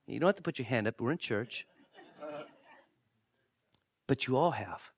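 A male pastor preaching a sermon with jokey asides to the congregation, swinging from loud bursts to hushed, near-whispered lines. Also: mid-range voice, expressive, a little slow, pauses often, slightly rough, dry recording, clean studio sound.

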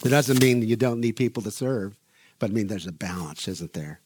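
A man's voice: lowish voice, normal speed, a little hiss or hum. A middle-aged man preaching a sermon as pastor, telling stories animatedly and acting out the people he quotes. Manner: animated storytelling, acts out quoted voices.

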